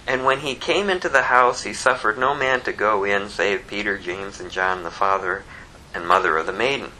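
A man teaching verse by verse from the Bible, lively and conversational, who chuckles at his own asides. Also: fairly low pitch, moderate pace, a little hiss or hum, rough recording.

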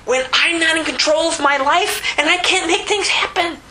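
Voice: very high-pitched, normal speed, pushed and bright, a little hiss or hum, rough recording. An American preacher delivering a sermon in an emphatic way, full of rhetorical questions. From United States.

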